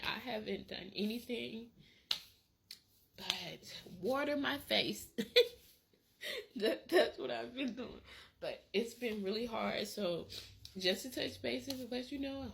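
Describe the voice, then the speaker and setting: A grieving woman talks in a personal vlog, halting and repeating herself, her voice tearful. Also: fairly high pitch, gravelly, background noise. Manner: halting, repeats words, many fillers. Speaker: vlogger.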